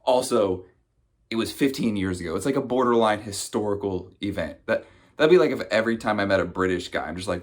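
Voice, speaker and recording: A man's voice: low voice, a little fast. A man in his thirties from the United States doing a stand-up comedy set, telling conversational stories and acting out the people in them. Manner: conversational storytelling, acts out quoted people. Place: home, recorded for a virtual show.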